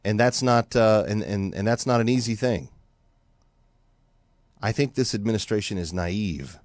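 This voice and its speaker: Speaking a little slowly in a lowish voice, an American man runs a talk radio monologue that's animated and at times scornful. He mimics other voices, and the studio mic gives quality sound with no echo.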